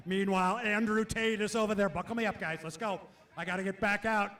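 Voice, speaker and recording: High, bright excited race announcer man. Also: fairly quick, a little hiss or hum. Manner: excited, shouting at peaks of action. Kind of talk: live race commentary.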